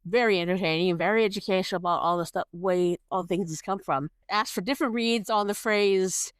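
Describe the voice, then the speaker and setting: A woman's voice: mid-range voice, fairly quick, smooth, no room sound. A woman co-hosting a podcast, explaining things in an earnest, chatty way. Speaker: podcast co-host. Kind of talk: casual chat.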